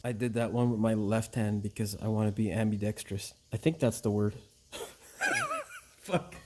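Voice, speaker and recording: Heavy background noise surrounds this man's lowish voice, which moves at a normal speed. Slightly sick and coughing, he curses, fumbles his words and mocks himself in a blooper reel from his DIY car repair tutorial.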